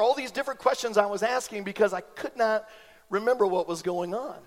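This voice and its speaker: High-voiced pastor in reverberant church. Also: male voice, a little fast. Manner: animated storyteller, acts out voices in anecdotes. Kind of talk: sermon with personal stories. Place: church sanctuary.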